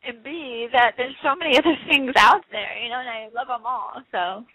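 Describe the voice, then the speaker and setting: A woman's voice: a little high, moderate pace, sharp tone, slightly rough, poor audio. A young woman in a casual interview, talking in a bubbly, quirky way and laughing often. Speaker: interview guest, wrestler. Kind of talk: casual chat.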